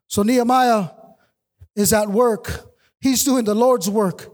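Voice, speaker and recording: High-pitched male pastor, fervent sing-song sermon delivery with shouted refrains. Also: fairly even intonation, slow pace, long pauses. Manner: impassioned preaching, sing-song cadence, shouted repetitions.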